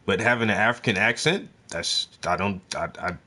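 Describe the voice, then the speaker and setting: A man's voice: fairly low pitch, brisk, bright, forceful tone, a little hiss or hum. A man giving casual reaction commentary, indignant and questioning, repeating phrases. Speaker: video reactor.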